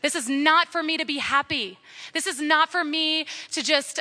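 A woman's voice: high voice, normal speed, sharp tone. A young woman giving an earnest sermon to women, urging and repeating her key points. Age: young adult. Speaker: women's ministry speaker.

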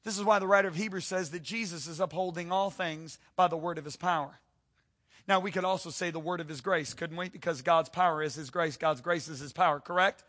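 A man's voice: on the high side, fairly quick, a bit bright. A male pastor preaching a sermon, emphatic, calling out to the congregation and repeating words for stress.

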